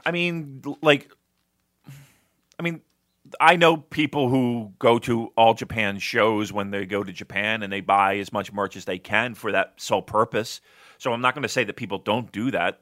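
A man's voice: medium pitch, pushed and bright, no echo, clean studio sound. A man co-hosting a casual podcast, rambling with lots of fillers, restarts and swearing. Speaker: podcast co-host. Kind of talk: casual wrestling podcast chat.

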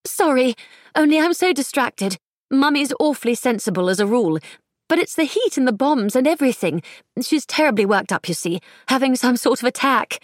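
A woman's voice: extremely high pitch, slow, few pauses, darkish tone, no room sound, clean studio sound, pitched above the performer's own voice. A woman voicing a frantic, upper-class young Englishwoman who pleads breathlessly for help. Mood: flustered.

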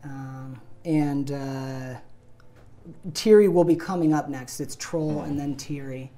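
A woman's voice: extremely low pitch, takes it slowly, warm tone. A woman narrating a tabletop role-playing game as game master, giggling often and adding sound effects to her storytelling.

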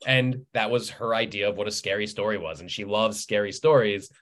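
Lively storytelling man. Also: on the low side, brisk. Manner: lively storyteller, laughs often, acts out quoted lines. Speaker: writer, podcast guest. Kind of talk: casual interview chat.

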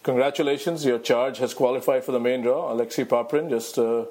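A man from India hosting a podcast interview, eager and halting, with many fillers. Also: mid-range voice, steady tone, darkish tone. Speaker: podcast host. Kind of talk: interview questions.

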